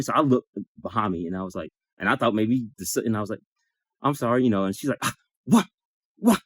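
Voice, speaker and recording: A man in a support circle telling an emotional personal story, acting out the dialogue in lively bursts and swearing now and then. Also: lowish voice, no room sound, clean studio sound. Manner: animated, acts out dialogue, swears.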